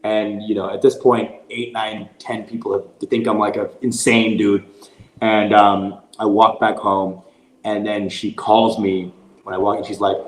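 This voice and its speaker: A man's voice: on the low side, normal speed. Roomy-sounding man telling a story. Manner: rambling, profane, animated retelling. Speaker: guest comedian. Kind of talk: casual storytelling.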